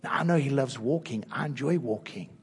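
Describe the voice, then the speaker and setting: An older man with a South African accent, preaching an earnest sermon through personal stories and dropping soft and low at tender moments. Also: animated, fairly quick, husky. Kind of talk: storytelling sermon. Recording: long hall reverb.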